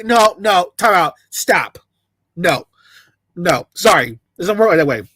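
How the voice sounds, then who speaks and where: A man's voice: high voice, animated, normal speed, a bit bright, no echo. A man ranting sarcastically to camera, mocking and repeating himself in bursts. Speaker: commentator.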